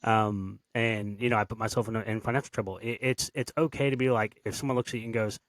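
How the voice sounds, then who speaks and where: A man's voice: on the low side, steady tone, quick pace, few pauses, no room sound. A man hosting a podcast who talks bluntly and casually, swearing freely as he shares his view. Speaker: podcast host.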